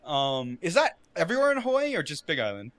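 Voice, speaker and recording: A man's voice: on the high side, wildly swooping pitch, brisk, fairly bright tone. A man co-hosting a podcast in casual chat, teasing and laughing often. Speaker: podcast co-host.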